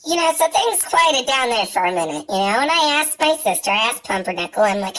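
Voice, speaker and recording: A woman's voice: fairly high pitch, big pitch swings, fairly quick, hardly any pauses, a bit bright, low-quality recording. A woman vlogger telling a story in a chatty, profane way, full of fillers and asides. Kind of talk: casual storytime vlog.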